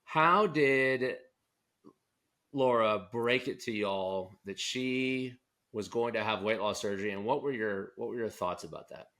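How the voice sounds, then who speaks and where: Low-voiced man interviewing guests. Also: measured pace, a bit bright. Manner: conversational, rambling with restarts. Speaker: podcast co-host, doctor. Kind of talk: casual podcast interview.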